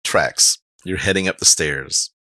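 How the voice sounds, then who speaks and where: A man's voice: low voice, unhurried, bright, forceful tone, no echo. A man narrating as game master in a casual, rambling way.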